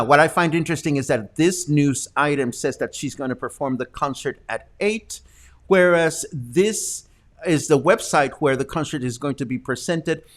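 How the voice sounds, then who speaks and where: Chatty rambling male host. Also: medium pitch. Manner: chatty, rambling, lots of ums and uhs. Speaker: host of a live news show. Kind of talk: casual live-stream news chat.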